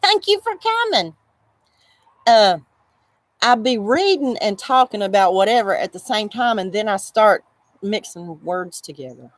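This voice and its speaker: A woman with a medium-pitched voice hosts a casual crochet livestream outdoors in the shade, chatting at a normal speed, reading viewers' comments aloud and laughing often. There's no room sound.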